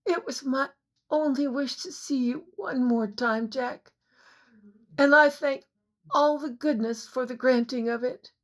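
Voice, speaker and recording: A woman's voice: high-pitched, measured pace, voice pushed up. A woman voicing a young woman hanging from a cliff, gasping and sobbing her words in an audiobook reading.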